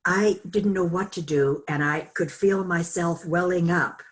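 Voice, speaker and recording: An older woman teaching an online course, telling a personal story in a slow, halting, reflective way with many fillers. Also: lowish voice. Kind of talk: personal storytelling in a group call.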